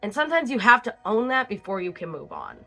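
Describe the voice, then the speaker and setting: A woman's voice: mid-range voice, wildly swooping pitch, quick pace, a bit bright, faint music behind. A woman hosting a casual album review, chatty and breaking into lyric snippets between her comments.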